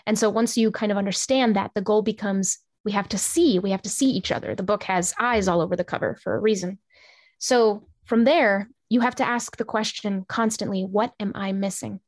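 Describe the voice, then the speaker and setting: A woman author, a guest on a podcast, explaining her ideas in a measured way. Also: medium pitch, no echo, studio quality. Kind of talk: interview answer.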